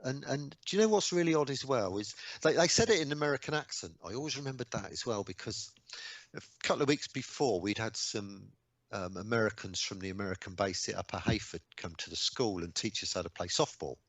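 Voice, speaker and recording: A man in his sixties from England, a radio guest recounting old memories casually, with lots of ums and mounting excitement. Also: on the low side, a little fast, dry recording. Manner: animated anecdotes, rising excitement, frequent ums. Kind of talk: casual storytelling interview.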